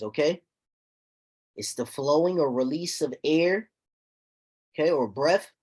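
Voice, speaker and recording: A man teaching a recitation class, explaining terms slowly and checking on his students with repeated "okay?". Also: fairly high pitch, breathy edge. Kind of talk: classroom lesson.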